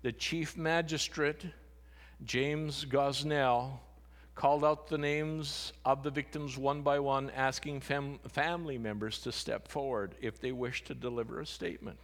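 A male pastor delivers a sermon in an earnest voice of middle pitch. His voice often falls to a hushed tone at solemn points. The sound carries a long reverb from a large church hall. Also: fairly even intonation, measured pace.

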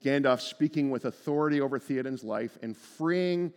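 A male pastor preaching a sermon, earnest, moving between hushed and emphatic delivery and often repeating words as he starts a phrase. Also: medium pitch, moderate pace, hardly any pauses. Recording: long reverb from a large room.

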